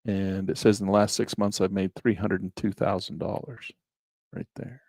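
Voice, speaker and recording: A man's voice: deep voice, little pitch movement, moderate pace, darkish tone, no room sound. A man giving folksy, self-amused commentary on his investments while sharing his screen. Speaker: investing vlogger. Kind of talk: casual screen-share commentary.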